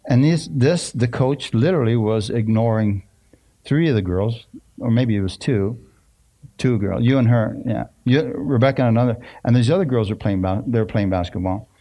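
A middle-aged pastor preaching a sermon in a conversational, storytelling way, often asking the congregation questions. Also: male voice, medium pitch, moderate pace, mellow. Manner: conversational, asks the congregation questions, many restarts. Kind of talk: sermon with personal stories.

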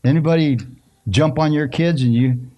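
A middle-aged pastor preaching a sermon in a conversational, storytelling way, often asking the congregation questions. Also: male voice, on the high side, moderate pace, darkish tone. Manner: conversational, asks the congregation questions, many restarts. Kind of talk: sermon with personal stories.

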